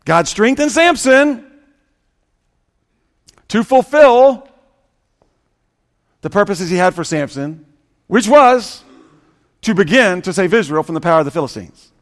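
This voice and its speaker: Man, pastor, sermon, high voice, dramatic storytelling, loud and hushed swings, sarcastic asides. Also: lively intonation, measured pace, pauses often.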